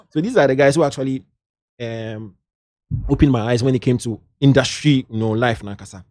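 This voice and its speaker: A middle-aged man with a Ghanaian accent, an entertainment journalist sharing lively anecdotes in a casual interview, slipping into local slang. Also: medium pitch, fairly quick, no room sound, clean studio sound.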